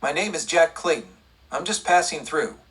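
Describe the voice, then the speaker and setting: A man voicing a polite young cowboy lawman who speaks in a low, pleasant drawl, heard from a distance with a husky tone. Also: animated, normal speed, a bit bright, exaggerated voice.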